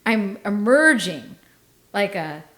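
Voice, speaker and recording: A woman's voice: mid-range voice, takes it slowly. Laughing, self-mocking woman podcast host. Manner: self-deprecating, laughs often, animated storytelling. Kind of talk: casual comedic chat.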